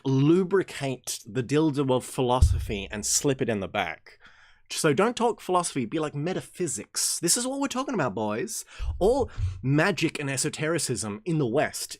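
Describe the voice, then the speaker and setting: A young man hosting an occult reading group, reading passages aloud and rambling in jokey, animated tangents. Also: no echo, studio quality. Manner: animated and jokey, swings from excited outbursts to low mumbles. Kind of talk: casual reading and commentary livestream.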